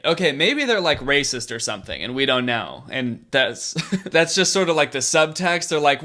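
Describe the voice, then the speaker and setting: Man, YouTuber, comedic game commentary, sarcastic and rambling, bright tone. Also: medium pitch, lively intonation, moderate pace. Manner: sarcastic, rambling, laughs often.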